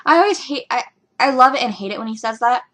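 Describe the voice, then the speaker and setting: A young woman talking casually as a fan reviewing a TV episode, rambling and excitable with lots of ums and likes. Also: on the high side, fast. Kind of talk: casual fan reaction commentary.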